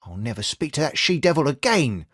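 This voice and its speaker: A fretful young detective from the streets, voiced by a male reader, pushed high and tight in the throat. His vowels crack with worry, and the swings in his pitch run wide. The sound is dry and close. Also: very animated, fairly quick, a bit bright, dry recording. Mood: distressed. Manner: high, strained and upset.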